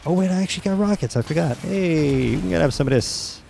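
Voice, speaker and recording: Mellow relaxed male gaming streamer. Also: on the high side, fast talker, creaky, a little hiss or hum. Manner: relaxed, rambling, many fillers. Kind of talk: casual gaming chat.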